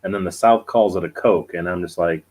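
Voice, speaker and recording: A man's voice: low voice, a little fast, darkish tone, low-quality recording. A man co-hosting a casual live-stream chat, joking and self-deprecating and chuckling often. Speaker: co-host.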